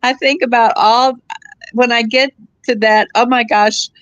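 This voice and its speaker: A woman's voice: on the high side, steady tone, unhurried, dry recording, lo-fi sound. A woman in her seventies, a guest chatting casually, telling personal stories with easy laughter and frequent restarts. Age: 70s. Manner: warm storyteller, laughs easily, restarts phrases. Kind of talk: casual chat.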